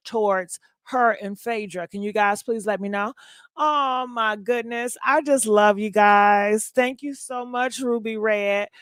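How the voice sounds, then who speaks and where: A woman's voice: on the high side, a bit bright, no room sound. A woman hosting a casual gossip livestream, chatting and thanking viewers for donations. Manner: chatty, reads donations and comments aloud.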